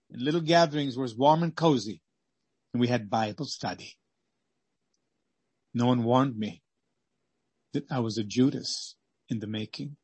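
A male preacher with a husky, slightly breathy voice at a middle pitch. He swings from loud outcries to hushed pleas as he preaches and reads scripture. The sound is dry and close. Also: dry recording. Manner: impassioned, swings between loud exclamations and hushed pleading. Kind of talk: sermon with scripture reading.

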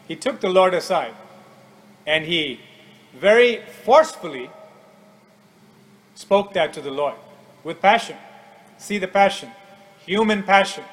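A man preaching a radio sermon in an earnest, measured way, often quoting scripture. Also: high-pitched, expressive, poor audio.

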